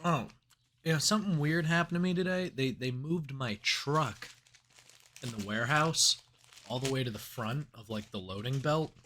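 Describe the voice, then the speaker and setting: Young male co-host, mid pitch, loose anecdotal delivery. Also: moderate pace, a bit bright, a little hiss or hum. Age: young adult. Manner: rambling anecdotes, restarts, laughing. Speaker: podcast co-host. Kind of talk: casual storytelling chat.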